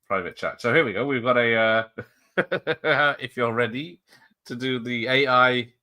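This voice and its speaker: A man's voice: mid-range voice, measured pace, bright, forceful tone. A man chatting casually and joking on a movie watch-party stream, laughing often. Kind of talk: casual chat.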